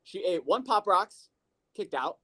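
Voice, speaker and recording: A podcast co-host in casual chat, telling stories in an animated, profane way full of fillers. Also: mid-range voice, a little slow.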